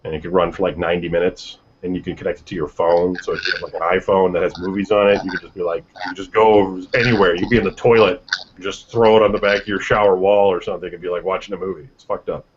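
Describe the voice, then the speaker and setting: A lower-pitched man with a husky voice hosts a casual podcast, rambling loosely and reading listener emails aloud. The recording is dull and lo-fi. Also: fairly even intonation, fast. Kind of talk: casual chat.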